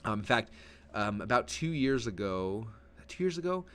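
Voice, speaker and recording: A man teaching a webinar lesson in an energetic, emphatic, conversational way, leaning forward and gesturing as he talks. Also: on the low side, moderate pace. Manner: conversational with frequent fillers and restarts. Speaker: online marketing instructor.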